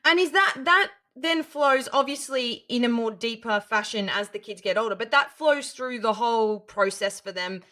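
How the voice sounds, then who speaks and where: A woman's voice: a little high, expressive, moderate pace, hardly any pauses, bright, forceful tone. A woman hosting a podcast interview, asking her guest a follow-up question. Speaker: podcast host.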